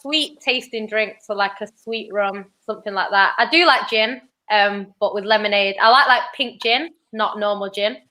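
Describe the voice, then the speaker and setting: Bright-voiced woman guest, easygoing. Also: medium pitch, moderate pace, few pauses. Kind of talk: casual podcast chat.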